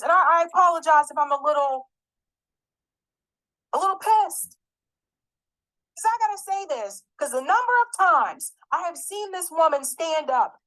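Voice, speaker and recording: A woman's voice: extremely high pitch, fairly bright tone. A woman giving an angry, emphatic political commentary, swearing and repeating her points.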